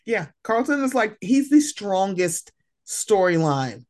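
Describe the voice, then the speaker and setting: Animated, frank woman podcast host. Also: takes it slowly. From West Philadelphia. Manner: animated, swoops high when quoting herself; frank, swears freely. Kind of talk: casual chat.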